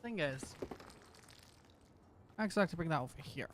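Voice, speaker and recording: A man's voice: a little high, lively intonation, fairly quick, slight background noise. A man with a Scottish accent streaming a game, rambling and thinking aloud as he troubleshoots his setup. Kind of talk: casual gameplay commentary.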